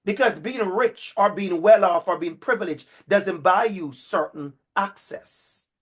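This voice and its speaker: Man with a Jamaican accent, lecturer, emphatic and repetitive, voice sits fairly high. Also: unhurried. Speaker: university lecturer. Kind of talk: lecture to a teacher cohort.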